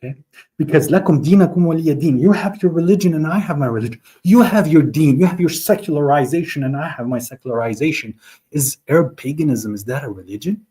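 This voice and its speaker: Hosting a live religious stream online, this man speaks fast in a husky, dark-toned voice on the high side, with lively intonation. He spars mockingly with chat viewers, talks straight to them, and slips in quoted Arabic verses.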